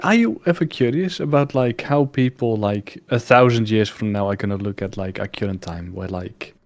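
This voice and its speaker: A man talking casually and thoughtfully, hedging with lots of fillers as he muses out loud. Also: lowish voice, normal speed. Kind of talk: casual chat.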